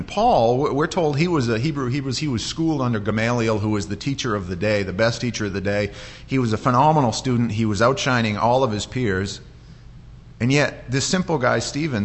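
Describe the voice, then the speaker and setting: A man delivering a sermon in a church in a conversational way, with frequent restarts and lively quoted voices. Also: medium pitch. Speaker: pastor.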